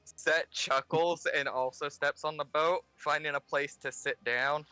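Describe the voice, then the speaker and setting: A man playing in a tabletop game, calmly narrating what his character does. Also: on the high side, unhurried, smooth, dry recording. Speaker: player.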